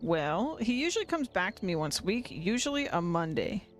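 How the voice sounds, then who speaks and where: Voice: mid-range voice, big pitch swings, normal speed, faint music behind, natural voice. A streamer reading a fretful villager. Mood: worried. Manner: fretful, pleading. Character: fretful villager who lost his cat.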